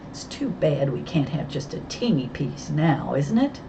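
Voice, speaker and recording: Storybook role: an eager, chatty teen girl, read by a woman. Lively, dull recording. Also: deep voice, a little slow, vocal fry, background noise, exaggerated voice. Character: cheerful, food-loving teenage girl.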